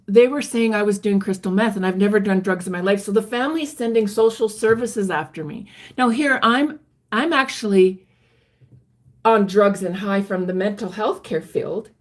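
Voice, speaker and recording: A woman recounting her own past in a halting, earnest personal story, with frequent restarts. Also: mid-range voice. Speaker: vlogger recounting her life.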